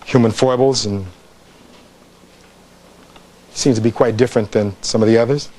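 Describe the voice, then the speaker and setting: A man's voice: medium pitch, steady tone, normal speed, darkish tone. A man, a defense attorney, giving a closing argument in a courtroom, reading testimony aloud and putting rhetorical questions to the jury.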